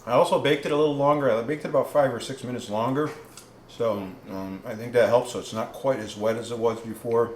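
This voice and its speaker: A man tasting and chatting through a home cooking vlog, his casual talk loose and rambling, full of fillers and restarts. His voice sits at an ordinary pitch. He's recorded in an echoey room with a faint background hum. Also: steady tone, fairly quick. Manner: rambling, many ums and restarts; tasting food while talking. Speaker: keto cooking vlogger.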